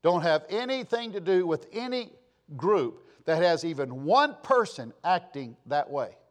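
Stern high-voiced male preacher. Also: sing-song, a little slow. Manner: stern, repetitive, emphatic admonishing. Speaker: pastor. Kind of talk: sermon lecture to a congregation.

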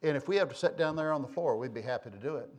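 A man's voice: medium pitch, lively intonation, racing. A man preaching a sermon in a church, folksy and conversational, teasing members of his congregation. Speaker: pastor. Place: church sanctuary.

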